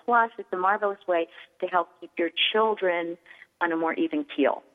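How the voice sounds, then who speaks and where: A middle-aged woman, a toy store owner and guest on a radio show, explaining things in an animated way and acting out examples. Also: lowish voice, normal speed. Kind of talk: radio interview. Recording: tinny phone line with long reverb.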